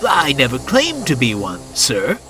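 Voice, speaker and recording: A man doing a chipper squeaky little brake van. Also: huge pitch swings, unhurried, over music. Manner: chipper, polite.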